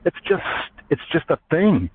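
A man's voice: on the high side, big pitch swings, moderate pace, husky. A man sharing at a recovery meeting from his parked car, rambling and self-deprecating. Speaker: meeting share. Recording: phone line, dry.

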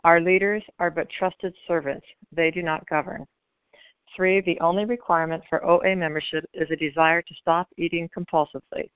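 Clear-voiced woman reading over a phone. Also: lowish voice, fairly even intonation, normal speed, dry recording. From Florida. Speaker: meeting member. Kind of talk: reading traditions aloud. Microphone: phone call. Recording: tinny dry phone line.

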